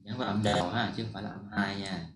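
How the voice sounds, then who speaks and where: A man as a teaching assistant, adding brief soft asides for learners. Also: fairly low pitch, steady tone, racing, echoey room, background noise.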